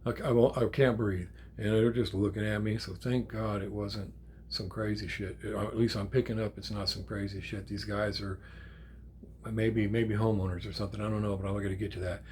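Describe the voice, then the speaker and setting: An older man, a grandfather, telling a story in a casual, animated way, with swearing and acted-out quotes. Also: lowish voice, fairly quick, a little hiss or hum. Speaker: channel host.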